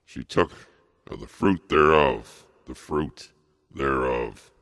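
A man with a very deep, gravelly voice preaches at a slow, dragging pace. He circles back on his own phrases, repeating them and stumbling through fillers and restarts as he rambles through his sermon. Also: fairly bright tone. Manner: repetitive, halting, with many fillers and restarts.

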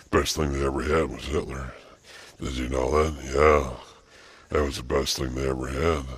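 An older man with an extremely deep, husky voice rants in an agitated monologue, repeating phrases and halting on fillers. His delivery is forceful and tense, and the recording is dry, with no room sound. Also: no echo. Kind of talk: angry ranting monologue.

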